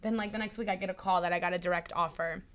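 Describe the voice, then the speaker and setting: A woman in her twenties, an actress, telling a personal story in an interview with lively, emotional delivery. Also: fairly low pitch, racing. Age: 20s. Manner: animated, emotional, acts out quoted voices. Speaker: actress guest.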